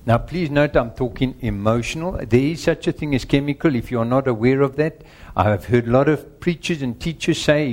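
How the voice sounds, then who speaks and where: A man's voice: medium pitch, moderate pace. A middle-aged man preaching a sermon, earnest and emphatic, working through numbered points and speaking directly to the congregation. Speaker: pastor.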